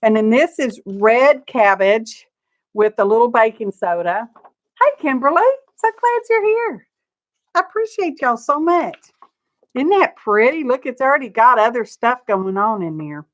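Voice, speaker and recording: Her voice is fairly high and animated, moving at a moderate pace. She's an older craft channel host doing a live show-and-tell from her studio, gushing and chatty, calling out viewers by name with frequent laughs.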